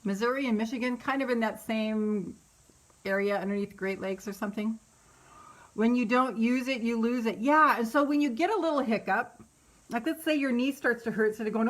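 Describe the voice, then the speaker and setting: A woman's voice: fairly high pitch, brisk. Candid, laughing woman chatting live. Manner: candid, rambling, laughs often, swears freely. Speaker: meditation host on a live stream. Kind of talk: casual live-stream chat with viewers.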